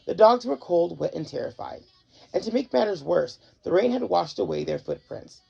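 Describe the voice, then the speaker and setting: A host reads a children's storybook aloud with lively, animated inflection. The voice is deep-toned, gravelly and husky. The recording is dull and lo-fi, with faint background music. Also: normal speed. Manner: expressive, animated narration.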